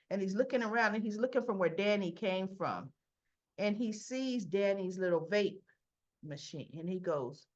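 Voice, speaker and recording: A woman's voice: on the high side, lively intonation, a little slow, lo-fi sound. A woman hosting a casual soap opera recap, chatty, acting out the characters' lines and adding asides.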